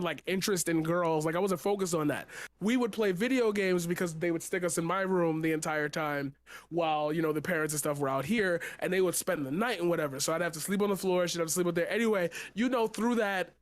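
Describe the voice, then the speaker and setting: High-voiced young man telling a rambling story. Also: dry recording. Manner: rambling, laughing, swearing freely. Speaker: poet guest on a stream. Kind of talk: casual storytelling chat.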